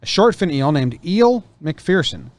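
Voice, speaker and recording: A man's voice: on the high side, very animated, unhurried, no echo. A man co-hosting a casual show, reading news stories aloud and rambling through anecdotes with many restarts. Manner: rambling, self-correcting storyteller. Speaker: co-host.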